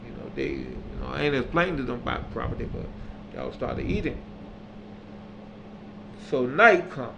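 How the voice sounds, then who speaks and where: A man telling a personal story as a monologue, acting out the dialogue and building to loud, emphatic peaks. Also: mid-range voice, very animated, normal speed, vocal fry, long pauses. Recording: slightly dull audio with faint background hum.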